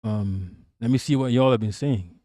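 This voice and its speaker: Reading out his chat on a livestream, this Malaysian host rants about politics in a relaxed, profane, joking way. He has a warm, mid-range voice and a moderate pace. The recording is dry and clean, studio grade.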